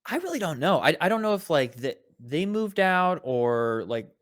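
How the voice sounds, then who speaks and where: A man's voice: on the high side, very animated, moderate pace, a bit bright, no echo, clean studio sound. Rambling, laughing podcast co-host man. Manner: rambling, laughing, swears freely. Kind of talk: casual chat.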